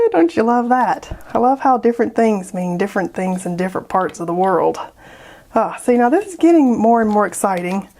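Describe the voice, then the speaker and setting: A woman's voice: medium pitch, a little mellow. Giggly, chatty woman painting on camera. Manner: laughs often, bubbly and joking. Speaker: art YouTuber.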